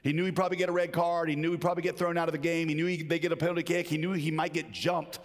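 Middle-aged preacher guy, bit high voice, big echoey church, animated storytelling. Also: very fast. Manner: animated storyteller, acts out voices, frequent restarts. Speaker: pastor. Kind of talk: sermon with storytelling.

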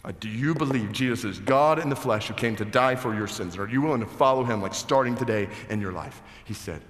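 Middle-aged male pastor, bright forceful voice, sermon in a big reverberant hall. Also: medium pitch, fast, few pauses, some chatter behind. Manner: builds from hushed scripture reading to loud excited storytelling. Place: large church hall.

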